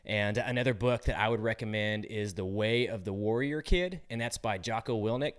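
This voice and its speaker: Guy coach chatting to parents, low voice, smooth and clear, laid back, lots of "you know, right?". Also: moderate pace. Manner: relaxed and conversational, full of "you know" and "right?". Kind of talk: casual advice talk.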